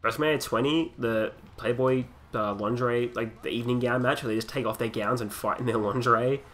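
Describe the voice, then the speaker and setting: A young Australian man casually commentating a wrestling video game, joking crudely and breaking into excited wrestling calls. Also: mid-range voice, fairly quick, soft background music. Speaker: gaming commentator. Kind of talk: casual let's play commentary.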